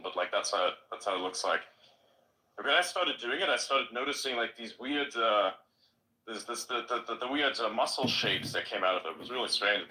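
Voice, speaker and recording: A man's voice: fairly low pitch, pushed and bright, poor audio. A man in a casual podcast chat, joking crudely and swearing freely.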